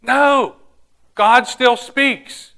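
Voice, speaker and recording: Male preacher, high and bright, emphatic sermon delivery with rhetorical questions. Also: fairly even intonation. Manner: emphatic, rhetorical questions, slows for key lines.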